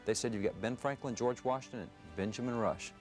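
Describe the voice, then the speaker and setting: A man's voice: medium pitch, brisk, darkish tone, soft background music. A man speaking as a guest historian, emphatic and fond of lists of rhetorical questions. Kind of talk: interview answers, then scripted narration.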